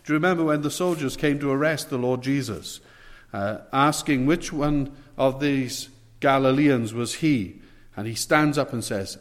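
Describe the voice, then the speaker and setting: A male preacher delivering a sermon, his voice swelling on key words and dropping low between them. The sound carries a long reverb, like a large hall. His pitch sits in a middle range. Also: moderate pace. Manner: emphatic, rising and falling dynamics.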